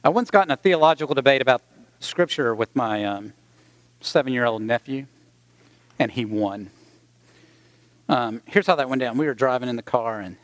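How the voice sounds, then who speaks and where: A man preaching a sermon as pastor, reading the gospel and then telling stories in a relaxed, chatty way with fillers. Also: medium pitch, no room sound. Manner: storytelling, conversational with fillers.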